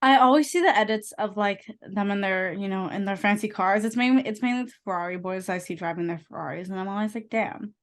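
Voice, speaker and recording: A young woman co-hosting a podcast in casual chat, playful and quick to joke and giggle. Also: mid-range voice. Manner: playful, giggly, joking asides. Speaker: podcast co-host.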